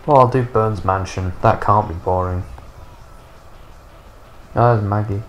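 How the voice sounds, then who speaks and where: A man in his thirties rambles through casual gameplay commentary in a lowish voice. He is sarcastic and sweary, and a faint hiss of noise sits under his talk. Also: measured pace. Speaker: gaming YouTuber.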